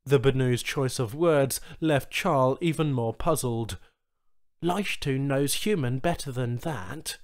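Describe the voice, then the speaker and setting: An audiobook reader with a mid-range voice narrates a science fiction short story, taking it slowly. His scripted delivery is expressive, in a storytelling manner.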